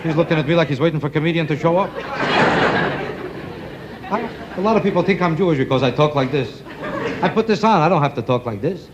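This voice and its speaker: A man's voice: a little high, lively intonation, quick pace, long pauses, lo-fi sound, over a noisy crowd. A man doing a rambling stand-up comedy routine on a TV stage, teasing the audience between jokes. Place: television studio stage before an audience. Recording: loud studio audience laughter and noise.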